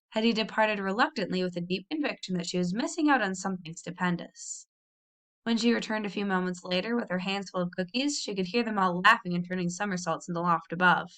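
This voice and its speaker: A woman reading a children's novel aloud in an expressive, animated way, with a few small slips. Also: mid-range voice. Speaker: audiobook reader.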